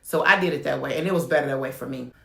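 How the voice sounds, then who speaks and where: A woman's voice: a bass voice, racing, gravelly, bright, forceful tone, roomy sound. A woman who runs a home child care business, talking frankly to the camera and telling her stories with emphasis. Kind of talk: candid talk-to-camera advice.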